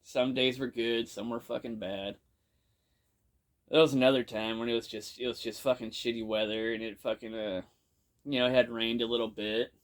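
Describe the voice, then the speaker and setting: A man's voice: medium pitch, steady tone, normal speed. Rambling, foul-mouthed man telling a story. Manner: rambling, profane, full of "you know". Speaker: podcast storyteller. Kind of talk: casual first-person storytelling.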